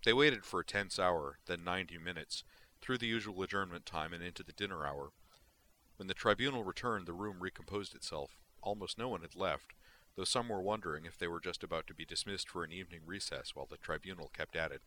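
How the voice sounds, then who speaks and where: A man with a very deep voice reads an audiobook narration. His tone is bright and crisp, and his reading is steady and deliberate. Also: slight background noise. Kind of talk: scripted narration.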